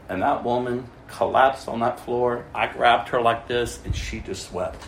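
A man preaching his testimony as a story, swinging between loud stretches and hushed ones. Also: medium pitch, a little slow. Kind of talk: sermon testimony. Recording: echoey room, mic far off, faint noise.

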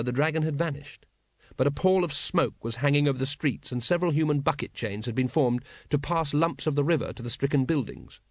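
A man narrating a comic fantasy audiobook in a wry, expressive storytelling manner. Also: a little high, no room sound, studio quality. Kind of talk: scripted narration.

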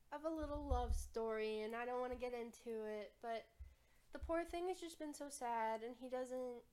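A woman voicing a gentle, doting female carnival performer who speaks fondly and sorrowfully, with a little rambling. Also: high-pitched.

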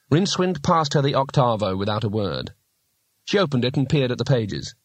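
A man reading a fantasy novel aloud as an audiobook narrator, in a measured storytelling manner. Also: mid-range voice, big pitch swings, no room sound. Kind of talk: scripted narration.

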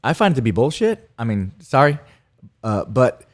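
A man's voice: medium pitch, very animated, normal speed. A man co-hosting a podcast, telling rambling stories with many fillers and laughs. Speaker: podcast co-host. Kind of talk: casual storytelling chat.

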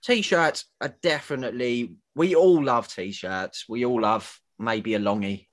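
A man's voice: medium pitch, unhurried. A man, a podcast guest, talking bluntly and emphatically in casual chat.

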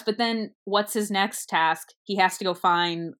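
A young woman in casual chat about a movie, retelling scenes with lively quoted lines and frequent fillers. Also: medium pitch, a little slow. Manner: animated storytelling, acting out quoted lines. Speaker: movie reviewer.

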